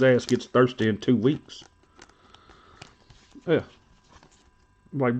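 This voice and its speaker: A man's voice: on the low side, a little slow, long pauses, darkish tone, lo-fi sound. A man hosting a trading card stream, rambling and joking crudely in casual chat.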